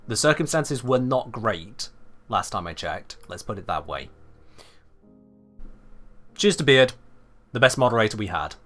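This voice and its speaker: A man's voice: lowish voice, a little slow, long pauses, faint music behind. A British man chatting playfully with his live-stream audience while he plays a game. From Britain. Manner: animated, playful, talks back to chat.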